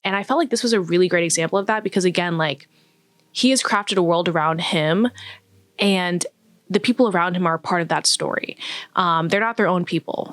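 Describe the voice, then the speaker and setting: A woman's voice: medium pitch, a bit bright, dry recording. Woman vlogger for a casual, filler-heavy film review, mid-range voice, dry recording. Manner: chatty, laughing, filler-heavy with acted-out quotes.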